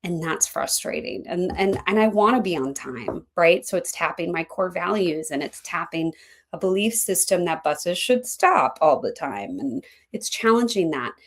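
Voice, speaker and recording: A middle-aged woman coach teaching a class in a chatty, animated way, often acting out what her clients say. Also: on the low side, moderate pace. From Philadelphia. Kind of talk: teaching an online class, conversational.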